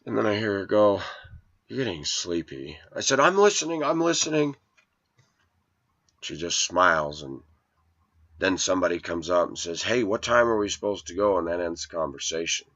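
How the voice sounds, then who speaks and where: Low-voiced man rambling through a grievance. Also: a little fast, fairly bright tone. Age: 40s. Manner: earnest, aggrieved storytelling. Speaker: vlogger. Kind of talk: rambling personal monologue. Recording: dull lo-fi recording.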